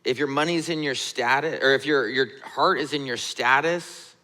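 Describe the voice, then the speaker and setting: A man in his thirties preaches a sermon in a conversational, down-to-earth way, often checking in with the congregation. His voice is bright and forward at a middle pitch. The sound carries a long reverb from the church hall. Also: moderate pace. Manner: conversational, relatable preaching with frequent "right?". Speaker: pastor. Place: church sanctuary.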